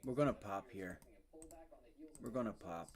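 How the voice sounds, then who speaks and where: A man's voice: lowish voice, measured pace. Profane, blunt man livestreaming trades. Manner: blunt, heavily profane venting. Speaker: day-trading livestreamer. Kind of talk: live trading stream commentary.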